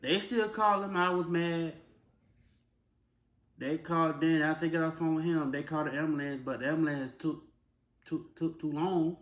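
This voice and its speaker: A young man, telling a personal story in a plain, casual, drawn-out way. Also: fairly high pitch, steady tone, reverberant. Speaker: vlogger.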